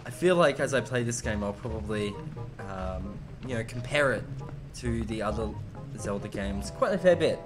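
A man's voice: on the low side, expressive, normal speed. A man streaming a video game, giving casual, joking commentary and talking back to the characters. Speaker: let's play streamer. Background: game music.

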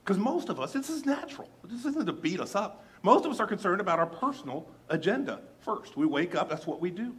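A man's voice: high-pitched, a little fast, hardly any pauses. A male pastor telling a personal story in a sermon, chatty and speaking straight to the congregation, acting out what people said. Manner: animated, acts out quoted dialogue; chatty, addresses congregation directly.

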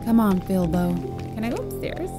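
A woman's voice: mid-range voice, sing-song, moderate pace, over music. A woman hosting a let's play, giving casual, playful and jokey gameplay commentary. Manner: playful, jokey, laughs and repeats words.

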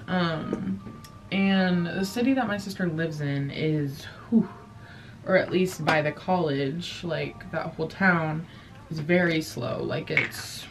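A young woman vlogger rambling through a casual storytime, full of fillers and casual swearing. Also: mid-range voice. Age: young adult. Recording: voice a bit distant from the mic, faint music behind.

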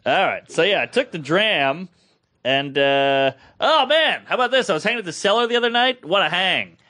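Animated man telling stories, bright voice. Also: normal speed. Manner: animated storytelling, voice jumps high when excited. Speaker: podcast co-host. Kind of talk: casual chat.

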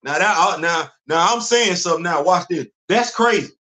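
A man's voice: high-pitched, expressive, normal speed, sharp tone. Emphatic man in his fifties. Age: 50s. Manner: emphatic, preachy, repeats phrases, laughs often. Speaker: livestream host. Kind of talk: casual livestream commentary. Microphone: computer mic on a streaming setup.

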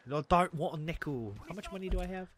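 A man hosting a video game playthrough in a casual, goofy, joking way, breaking into sudden excited yelps. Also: high-pitched, fast talker. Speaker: host. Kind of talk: casual gameplay commentary.

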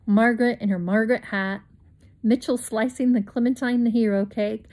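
Lady doing storytime read-aloud for kids, mellow soft voice, lively jumps up in pitch on the exciting bits, little asides to the listeners. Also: normal speed. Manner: expressive, with bright leaps in pitch on exciting words; chatty asides to young listeners. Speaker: storyteller reading a children's book aloud.

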